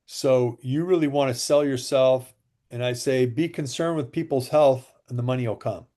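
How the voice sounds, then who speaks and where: A man's voice: medium pitch, normal speed. A man guest in a casual interview, telling sales stories and acting out what people said. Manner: animated storyteller acting out quotes. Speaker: interview guest, water machine seller.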